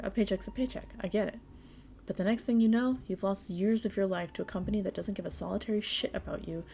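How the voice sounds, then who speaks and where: Woman doing a cynical, foul-mouthed miner pushing a strike, low-key gravelly read. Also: darkish tone, slight background noise, close to an everyday voice. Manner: cynical, blunt, swearing. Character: bitter adult male miner stirring up a strike.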